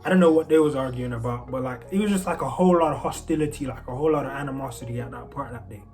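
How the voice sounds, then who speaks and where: A man's voice: medium pitch, very fast, a little mellow, soft background music. A man with a British accent that keeps some American traces, casually telling a story. He rambles and restarts often, with many fillers. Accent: British English with American traces. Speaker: storyteller vlogger.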